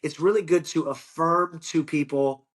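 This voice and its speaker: Earnest young man from Ohio, higher voice. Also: steady tone. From Ohio, United States. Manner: earnest, fast-flowing, repeats words and swears. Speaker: wrestling coach and guest. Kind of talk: casual podcast conversation.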